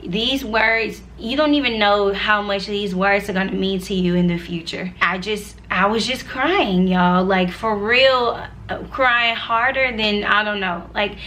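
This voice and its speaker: A young woman in her twenties talks straight to her viewers, telling her story in a chatty, earnest way. Her voice is bright and clear at an ordinary pitch, and she speaks with plenty of "like"s and friendly asides. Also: a little slow, slight background noise. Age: 20s. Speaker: vlogger sharing her faith testimony. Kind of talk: casual personal testimony.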